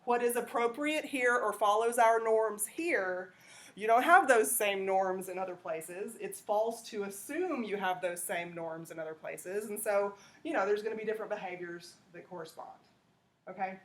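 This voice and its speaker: A woman's voice: medium pitch, normal speed. A woman lecturing a classroom, talking conversationally and checking in with "okay?". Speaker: teacher.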